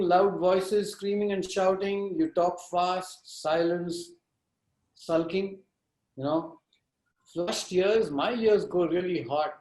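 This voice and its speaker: Guy running a workshop, high voice, lively and blunt, echoey room. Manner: animated, direct, teasing. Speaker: workshop trainer. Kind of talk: interactive workshop teaching.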